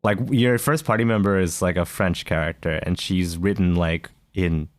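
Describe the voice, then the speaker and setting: A deep-voiced man talks casually as a podcast co-host. He rambles, fills his pauses and restarts his sentences often. The recording is dry, with no room sound. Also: dry recording. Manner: rambling, many fillers and restarts. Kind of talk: casual chat.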